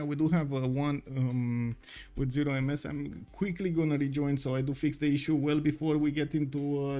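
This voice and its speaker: A man's voice: fairly high pitch, darkish tone. A man casting a live strategy game stream, greeting viewers politely and talking with frequent "uh" fillers. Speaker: esports caster.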